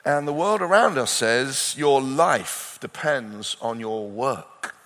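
A man preaching a sermon to a conference crowd, his voice moving between loud urgency and quiet intensity. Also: mid-range voice, animated, slow pace. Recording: long hall reverb.

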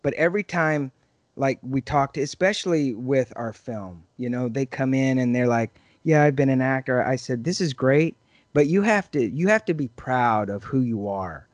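In a casual podcast chat, this middle-aged co-host tells his stories with gusto and voices the quotes dramatically. His pitch is medium, his pace moderate, and the audio has no room sound and lacks high frequencies.

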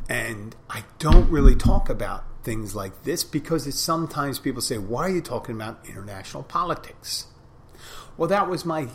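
A male podcast host delivers a casual solo monologue, reflective and rambling, with frequent restarts. His voice is mid-range, with slight background noise.

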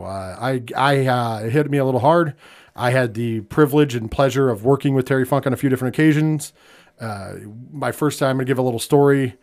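An American man hosting a wrestling podcast in casual chat, talking loosely with lots of fillers. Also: mid-range voice. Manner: conversational, many fillers, drops quiet when somber. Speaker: podcast host.

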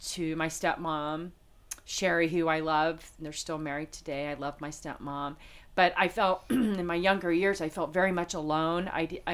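Halting, heartfelt middle-aged woman, lower voice. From Las Vegas, United States. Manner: heartfelt, halting, many fillers and restarts. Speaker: interview guest. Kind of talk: personal faith testimony in conversation.

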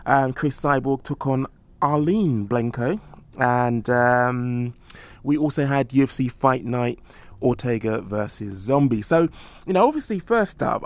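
A man's voice: mid-range voice, no echo. A man co-hosting a combat-sports podcast, chatting in a jovial, teasing way. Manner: jovial, quizzing his co-host. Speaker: podcast co-host. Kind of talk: casual podcast chat.

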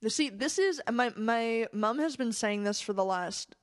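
A podcast co-host who makes wry remarks and laughs easily. The voice sits at a middle pitch. The recording is dry and close. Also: animated, unhurried, no echo. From Canada. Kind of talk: casual podcast chat.

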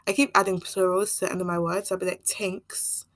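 A woman's voice: on the low side, flat delivery, fast talker, a bit bright, dry recording. A young woman from Nigeria with a mixed Nigerian and American accent, hosting a casual solo podcast and rambling chattily with frequent laughs. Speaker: podcast host.

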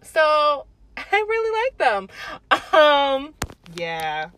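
A young adult woman telling a casual story to her camera, blunt and animated, swearing freely. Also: sits high, extremely slow, a little hiss or hum, poor audio. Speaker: vlogger.

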